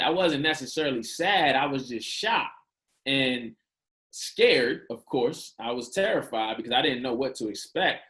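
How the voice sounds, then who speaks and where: A man in his thirties speaks as a podcast guest, telling a personal story in loose, slangy talk. He acts out the quoted dialogue with lively shifts. His voice sits at a middling pitch for a man. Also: normal speed. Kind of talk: candid storytelling in an interview.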